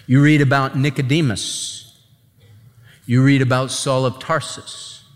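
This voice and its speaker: A man's voice: medium pitch, fairly even intonation, measured pace, in a large hall. A man preaching a sermon as a pastor, emphatic and conversational, speaking straight to the congregation.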